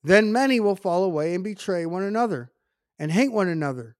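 High-voiced emphatic male preacher. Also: animated, fairly quick, dry recording, studio quality. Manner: emphatic, conversational preaching with asides and repetitions. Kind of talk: sermon.

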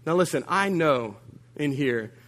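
A male pastor preaches a sermon, a little slowly, telling humorous stories with sudden jumps in pitch and loudness. Animated in his storytelling, he addresses the congregation directly with call-outs.

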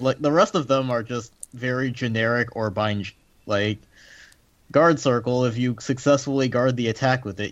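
A man co-hosting a casual chat, hesitant and leaning on "like". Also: medium pitch. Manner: hesitant, leans on "like". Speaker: podcast co-host. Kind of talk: casual chat about a card game. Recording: dull lo-fi audio.

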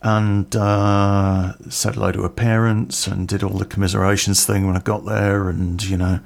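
A man's voice: lowish voice, flat delivery, normal speed, gravelly. A middle-aged man telling a personal story in a casual, rambling way, swearing freely.

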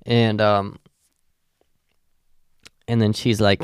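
A young man hosting a podcast who tells rambling, swear-laden stories in a flat, deadpan way. His voice is smooth and resonant. The sound is dry and close to the mic. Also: medium pitch, unhurried, pauses often, no room sound. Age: young adult. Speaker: podcast host. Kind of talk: casual storytelling.

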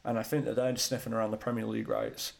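A man's voice: medium pitch, little pitch movement, fast, vocal fry. A man co-hosting a soccer podcast, chatting and teasing his co-host in a foam-lined, soundproofed room. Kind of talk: casual chat.

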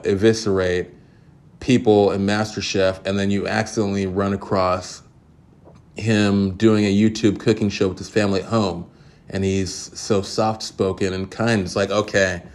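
A man's voice: lowish voice, darkish tone. A man hosting his podcast alone, giving a casual, rambling review full of profanity and jokes. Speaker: podcast host.

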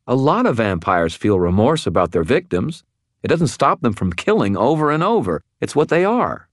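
A man's voice: medium pitch, sing-song, moderate pace, dry recording, studio quality, voice pushed up, close to an everyday voice. A man voicing a wary, blunt woman bodyguard who asks curt, pointed questions in an audiobook.

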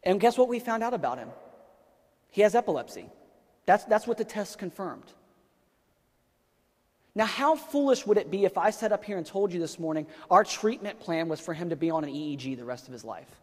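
A man's voice: sits high, expressive, fairly quick. Conversational man preaching in a reverberant hall. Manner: conversational, rhetorical questions, frequent fillers. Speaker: pastor. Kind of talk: sermon with personal story. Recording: long reverb of a large hall.

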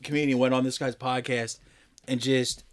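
A man's voice: mid-range voice, little pitch movement, moderate pace. A man on a podcast with friends, joking crudely, rambling and laughing often. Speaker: podcast co-host. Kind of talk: crude casual banter.

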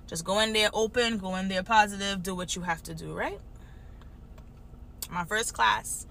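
A young adult woman, casually telling her story straight to viewers in an animated, chatty way. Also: on the low side. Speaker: vlogger.

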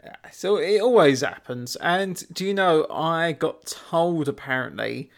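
Wry man, slightly higher voice. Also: lively intonation, unhurried, gravelly. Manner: rambling, wry, quotes others sarcastically. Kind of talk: casual chat.

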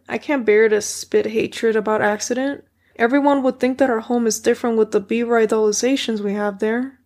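A woman reading a children's story as an audiobook in a steady first-person narration. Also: on the high side. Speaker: audiobook reader.

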